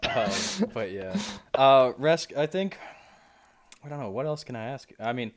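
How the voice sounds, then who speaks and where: A man's voice: mid-range voice, very animated, unhurried. An American man casting an esports match, asking a player rambling questions with many restarts and jokes. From United States. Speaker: esports caster interviewing a player. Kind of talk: casual esports interview.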